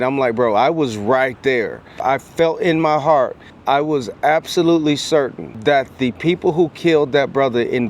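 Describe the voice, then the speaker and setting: A middle-aged educator and speaker with a medium-pitched voice tells a personal story to camera, with slight hiss or hum in the audio. He sounds earnest, building momentum through strings of repeated phrases the way a preacher would.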